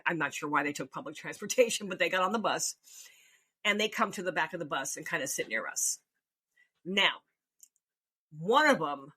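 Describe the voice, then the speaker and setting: A woman casually telling a funny personal story, animated and laughing often as she acts out her own reactions. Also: fairly low pitch. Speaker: storyteller host.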